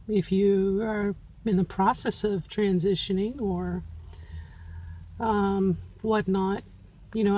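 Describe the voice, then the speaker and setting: The medium-pitched voice here has a darkish tone. A middle-aged vlogger is reflecting casually and candidly to her audience, giving herself encouragement, in a trained feminine voice she takes care to place.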